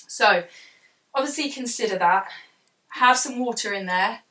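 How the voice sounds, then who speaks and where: Southern English woman, young, quick and chatty how-to host, bright tone, a little off-mic in a home room. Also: a little high, far from the mic, rough recording. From south of England. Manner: fast, chatty, self-deprecating, laughs often. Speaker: audiobook author giving tutorial. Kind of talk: casual how-to vlog. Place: home room with fabric fort.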